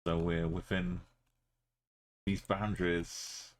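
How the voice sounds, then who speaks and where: Here the streamer's voice stays low and fairly flat in pitch, and he takes his time. He muses out loud while gaming and keeps up casual conversation with the people watching.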